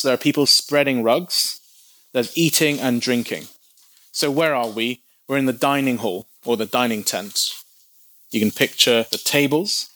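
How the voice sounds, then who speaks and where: A man's voice: mid-range voice, a bit bright. A man teaching a Bible passage verse by verse, in a conversational way that asks the listener questions as he explains.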